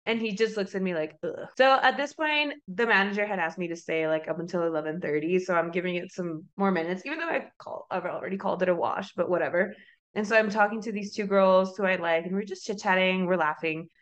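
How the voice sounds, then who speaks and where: A woman's voice: lowish voice, fast, highs cut off. A woman co-hosting a podcast, telling a story in casual chat, laughing often and acting out what people said. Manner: animated, acts out quotes, laughs often. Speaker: podcast co-host. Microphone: podcast microphone.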